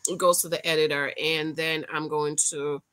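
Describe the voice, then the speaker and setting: A woman's voice: deep voice, level tone, moderate pace, a bit bright. A woman vlogger and author chatting casually and talking directly to her viewers. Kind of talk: casual chat.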